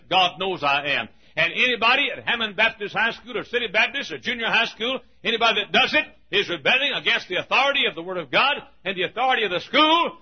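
Man preaching, high lively voice, husky, dull lo-fi church recording. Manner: emphatic, shouting preacher with laughter from the congregation. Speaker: pastor. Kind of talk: sermon. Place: church sanctuary.

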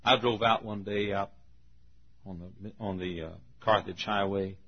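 Raspy Southern preacher telling stories. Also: male voice, lowish voice, unhurried. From Southern United States. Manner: folksy, animated, hollers and laughs. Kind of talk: storytelling sermon. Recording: dull lo-fi recording.

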